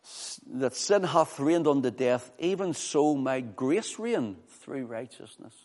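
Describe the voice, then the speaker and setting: A man preaching a sermon with fervor, swinging from loud, high exclamations to low, quiet scripture reading. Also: lively intonation, slow pace. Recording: long hall reverb.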